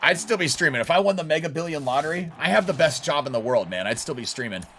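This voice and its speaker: Lively casual male game streamer. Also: on the high side, fast, soft background music. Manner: casual, blunt, laughs often, talks to chat. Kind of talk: live gaming stream chat.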